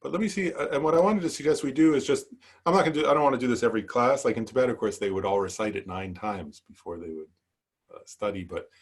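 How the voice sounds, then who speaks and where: A man's voice: mid-range voice, fast, breathy edge. A man teaching an online Buddhist class, hesitant, with many fillers, asides and "right?". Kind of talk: online dharma class lecture.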